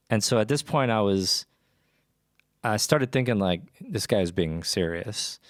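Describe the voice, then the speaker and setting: A man's voice: low-pitched, moderate pace, dry recording, studio quality. A young man telling a personal story in a rambling, casual way with lots of restarts. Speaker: podcast host.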